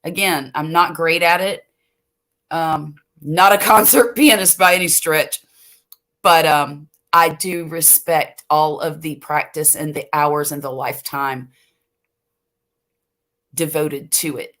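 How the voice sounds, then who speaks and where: An older woman from the US Gulf Coast hosts a late-night livestream from home, chatting slowly and rambling, laughing easily as she reads viewer comments. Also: low-pitched, steady tone, fairly bright tone. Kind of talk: casual chat reading viewer comments.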